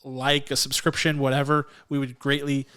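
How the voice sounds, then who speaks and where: A man co-hosting a movie review podcast in a casual, relaxed style, laughing often and poking fun at himself. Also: medium pitch, normal speed, smooth. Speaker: podcast co-host.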